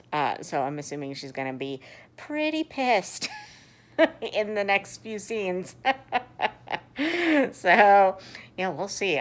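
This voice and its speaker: A young woman vlogging about books in a casual, chatty way, often laughing and trailing into fillers and restarts. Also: low voice. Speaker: book vlogger. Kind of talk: casual chat.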